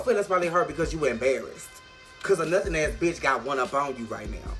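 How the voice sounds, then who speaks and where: A woman doing a sassy, profane recap of a reality show, animated and playful. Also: deep voice, brisk, over music. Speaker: vlogger reviewing a reality show.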